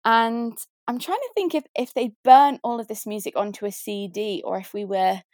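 A woman's voice: on the high side, moderate pace, no echo. Chirpy young posh southern English woman. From southern England. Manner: chirpy, lively, laughs often. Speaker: guest sharing favourite songs. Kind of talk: casual chat.

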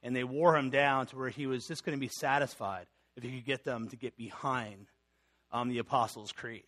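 A man's voice: medium pitch, fairly even intonation, normal speed, fairly bright tone. A middle-aged man, a pastor, preaching a sermon in a conversational teaching manner, reading scripture and creeds aloud with fillers and restarts.

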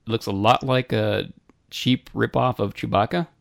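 A man co-hosting a casual retro gaming podcast, rambling in a relaxed way with fillers and restarts. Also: medium pitch, a little slow, creaky, dry recording, clean studio sound. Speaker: podcast co-host.

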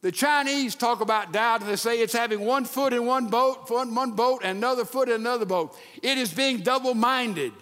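A man preaching a sermon, acting out the quoted lines and sometimes dropping to a hushed voice. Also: very high voice, normal speed, few pauses. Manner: animated, acts out quotes, drops to hushed tones. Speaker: pastor. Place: church sanctuary. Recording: long reverb of a large hall.

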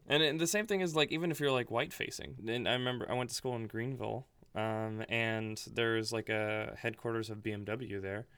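A man talking in a casual chat, relaxed and full of fillers, animated when he quotes other people. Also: mid-range voice, fairly quick, hardly any pauses, clear, resonant tone, no room sound.

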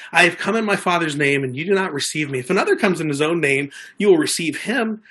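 A man's voice: fairly high pitch, sharp tone, slightly rough. A man preaching a sermon, earnest and conversational, often restarting his words as he reads and explains scripture. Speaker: pastor.

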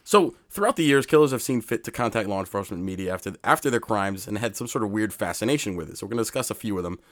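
A man hosting a podcast, introducing a segment with many pauses and restarts. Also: on the low side, animated, dry recording, clean studio sound. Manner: hesitant, many ums and restarts. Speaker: podcast host. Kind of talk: casual podcast talk.

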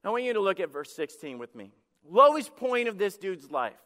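A man preaching a sermon as pastor, fervently swinging between soft and loud passages. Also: high voice, sing-song, fairly quick, long reverb tail. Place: church sanctuary.

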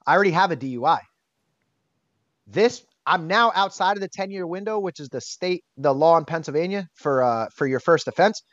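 A man being interviewed, telling a personal story in a candid, animated way and swearing casually. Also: fairly high pitch, fairly quick, no room sound. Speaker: interview guest. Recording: dull, dry sound.

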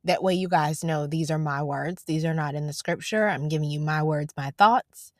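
Low-voiced woman reading scripture. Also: no room sound, clean studio sound. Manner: casual and encouraging, slowing down to read scripture. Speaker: podcast host. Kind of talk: devotional podcast, reading scripture aloud.

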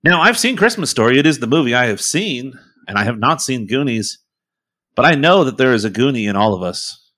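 A man's voice: medium pitch, very animated, brisk, pushed and bright. A man on a podcast panel, giving a wry, hesitant, joking take. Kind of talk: casual podcast chat.

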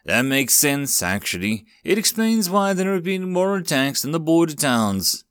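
A man's voice: a little high, big pitch swings, unhurried, a bit bright, smooth, no room sound, studio quality, voice pushed up. A man voicing a wry, patient adult human wizard in a storybook reading, with a foreign-sounding voice. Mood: amused.

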